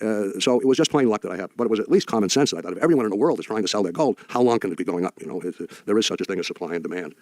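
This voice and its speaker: An older man tells wry stories to an audience, stumbling and restarting as he goes. His voice sits low and moves quickly. The sound is dry and close. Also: darkish tone, no echo. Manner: halting, wry storytelling with many restarts. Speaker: speaker addressing an audience. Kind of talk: anecdotal talk.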